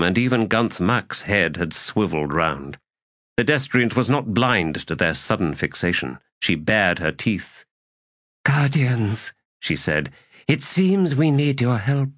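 A man with a lowish voice narrates a fantasy audiobook. His delivery is grave and measured, with dramatic weight. The sound is dry and close. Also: a bit bright, no room sound.

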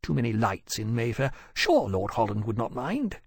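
A man voicing a brash, boastful young gentleman in a spoken storybook, talking in an airy, offhand way. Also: medium pitch, wildly swooping pitch, moderate pace, creaky, breathy edge, exaggerated voice.

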